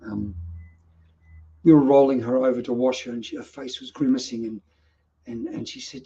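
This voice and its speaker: A man's voice: mid-range voice, very animated, moderate pace, vocal fry, long pauses, mellow, highs cut off. A middle-aged Australian man telling personal stories as a vlog host, in an earnest, emotional and reflective way. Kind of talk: personal storytelling monologue.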